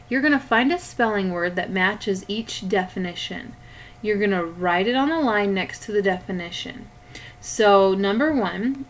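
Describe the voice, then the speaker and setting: A woman's voice: mid-range voice, a bit bright, a little hiss or hum, poor audio. A woman teacher giving a recorded spelling lesson to children, patiently explaining each step through a webcam.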